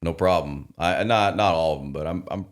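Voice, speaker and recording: A man talking as a guest on a casual podcast, slangy and loose, often saying bro. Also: deep voice. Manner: quick, slangy, says bro a lot. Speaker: podcast guest, business owner.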